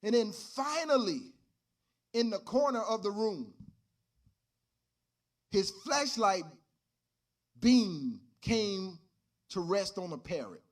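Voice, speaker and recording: A man preaching as a pastor, telling a story in his sermon and building up to loud shouted calls. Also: high-pitched, takes it slowly, long pauses. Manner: animated, rising to shouts.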